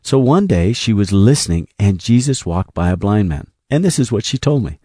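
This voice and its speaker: A man's voice: on the low side, big pitch swings, moderate pace, dark tone, slightly rough, no echo, clean studio sound. A man preaching a sermon, telling a mission story and quoting the people in it in his own voice.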